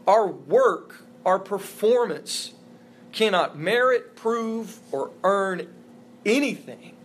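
A man's voice: high-pitched, expressive, slow pace. A man preaching a sermon as a pastor, earnest and emphatic, with repeated phrases for stress. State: emotional, voice breaking.

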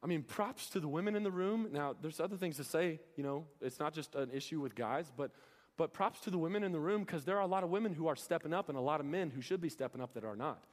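A young male preacher delivering an earnest sermon, firing off rhetorical questions at his congregation. His voice sits a bit higher than most men's. It rings out through a church hall with a long reverb tail. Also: animated, fast talker.

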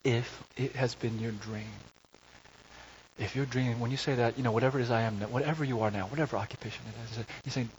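A man's voice: mid-range voice, steady tone, quick pace. A man preaching a conversational sermon, with joking asides and frequent self-corrections. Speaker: pastor. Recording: slightly dull recording with faint hiss.

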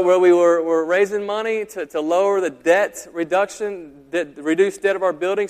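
A man preaching a sermon as pastor, in a conversational, animated way with frequent restarts. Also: high voice, smooth. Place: church sanctuary. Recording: long hall reverb.

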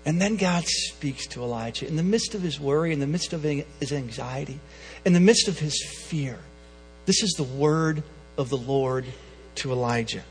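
Brief: high-pitched male preacher, earnest, rhetorical questions, reverberant hall with faint music. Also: normal speed. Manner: earnest, repeats rhetorical questions, speeds up when pressing a point. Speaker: pastor. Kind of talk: sermon.

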